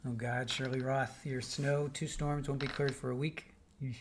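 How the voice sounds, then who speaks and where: There's a little hiss or hum behind this older man from the American Midwest, whose medium-pitched voice is flat and moves at normal speed. Passing time before a trial on his livestream, he reads out viewer comments and replies chattily, frequently starting his sentences over.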